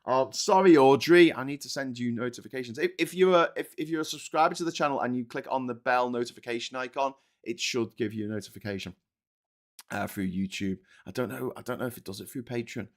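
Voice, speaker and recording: A man's voice: mid-range voice, fast. A man hosting a casual livestream, reading chat and rambling bluntly, with frequent swearing and fillers. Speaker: livestream host.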